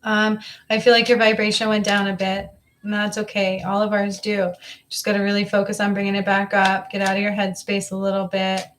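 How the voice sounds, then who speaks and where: A woman's voice: medium pitch, monotone, a little fast. A woman doing a live psychic reading, her voice in a middle register. She coaxes and repeats phrases as she tunes in. A faint hiss and the odd click sit under the voice. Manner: repetitive, intuitive, coaxing, repeats phrases. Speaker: psychic reader.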